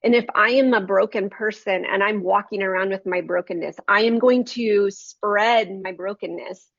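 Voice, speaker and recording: A woman's voice: mid-range voice, normal speed, vocal fry, dry recording, lo-fi sound. Earnest woman telling a faith story. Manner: earnest personal storytelling, addresses listeners as y'all. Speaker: Christian book reviewer. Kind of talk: heartfelt devotional talk.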